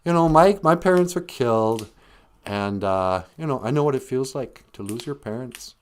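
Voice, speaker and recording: A man's voice: mid-range voice, expressive, moderate pace, clear, resonant tone, close to an everyday voice. A man voicing a breezy, blunt billionaire recluse in an offhand tone. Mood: earnest.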